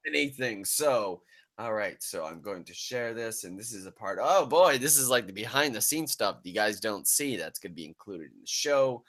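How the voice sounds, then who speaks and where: A man's voice: lowish voice, lively intonation, normal speed, fairly bright tone, dry recording. A man hosting a casual live-stream podcast, with a loose, rambling, jokey way of talking into a close desk mic. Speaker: podcast host.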